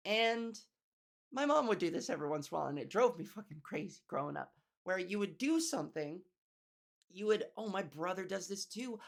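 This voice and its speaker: Rambling, profane woman comedian. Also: medium pitch. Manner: profane, rambling, self-deprecating with frequent restarts. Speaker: comedian podcast host. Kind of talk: casual solo podcast monologue.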